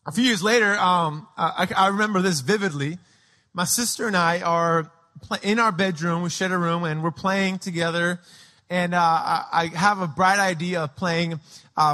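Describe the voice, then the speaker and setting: A high-voiced man preaching from the pulpit, his bright, ringing tone carrying through a large hall with a long reverb tail. He tells childhood stories with animated energy, breaking into shouted voices of the people in them. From Peru. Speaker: pastor. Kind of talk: sermon with personal storytelling.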